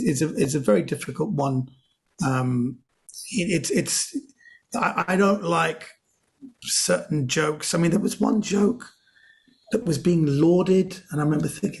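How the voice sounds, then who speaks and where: A man telling comedy anecdotes in a podcast interview, lively and full of quoted voices. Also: on the high side, creaky. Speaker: comedian guest.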